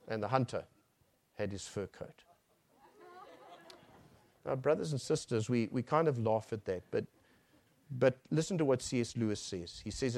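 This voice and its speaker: A male preacher giving a sermon. He swells on key phrases and then drops to a near hush. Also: medium pitch, animated, normal speed, long pauses, dry recording, clean studio sound.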